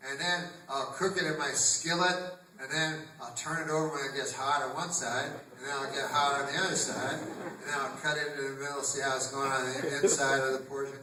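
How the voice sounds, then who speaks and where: A man doing a stand-up comedy set on a theatre stage, with a rambling deadpan delivery that bursts loud when he quotes people. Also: mid-range voice, brisk, slight background noise. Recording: echoey live theatre recording from far off. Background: audience laughter.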